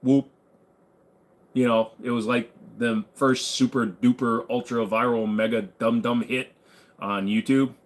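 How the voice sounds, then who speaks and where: Regular-pitched guy doing a chill live q&a, rambly, jokes back at chat. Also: measured pace. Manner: relaxed, rambling, reads viewer questions aloud and jokes back. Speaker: livestream host answering chat. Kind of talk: casual livestream Q&A.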